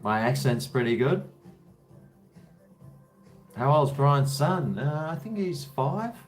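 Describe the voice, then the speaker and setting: A man's voice: mid-range voice, sing-song, slow, soft background music. A man chatting casually on a livestream, rambling with chuckles and answering viewers' comments. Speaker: livestream host.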